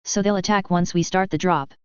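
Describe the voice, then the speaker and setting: A woman voicing a worried male rear admiral with a grave, measured manner, on a dull, dry recording. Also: lowish voice, steady tone, a little mellow, clean tone, no echo, lightly acted.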